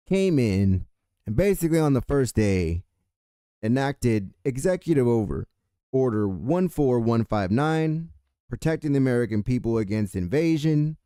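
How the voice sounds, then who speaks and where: A man's voice: medium pitch, warm tone, smooth, dry recording, clean studio sound. A man from California hosting a political show, ranting angrily and swearing often. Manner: heated, profane, ranting. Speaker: political commentary host. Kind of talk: angry political rant.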